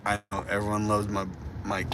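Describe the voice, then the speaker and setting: Playful young man streaming outdoors, low voice. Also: monotone, a little fast, noisy background. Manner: playful, teasing, slangy with lots of dude and bro. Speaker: livestreamer. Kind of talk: casual live-stream chat with viewers. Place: outdoors on a city street at night.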